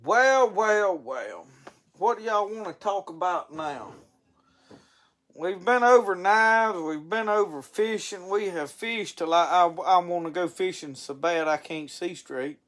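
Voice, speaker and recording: Man, stream host, fairly high pitch, rambling folksy chat with frequent restarts. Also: unhurried, fairly bright tone. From Mississippi. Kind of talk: casual live-stream chat.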